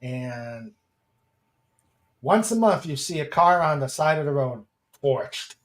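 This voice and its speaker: A male host with a fairly high voice chats on a casual podcast stream. He takes his time, drawing his words out, and drops plenty of fillers and chuckles between his remarks as he reads viewer comments. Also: animated, takes it slowly. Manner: chatty, chuckling, with many fillers.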